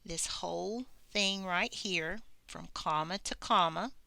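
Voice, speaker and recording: A woman teaching a grammar lesson at an unhurried, careful pace, reading each example with deliberate pauses. Her voice has a bright edge and a gravelly fry, recorded close and dry. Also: fairly low pitch, no room sound. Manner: slow, deliberate, reads examples aloud with pauses.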